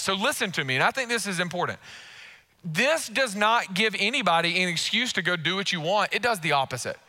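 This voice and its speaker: A man's voice: high-pitched, sharp tone. A man preaching a sermon as pastor, impassioned and emphatic, repeating key phrases and acting out quoted prayers and thoughts.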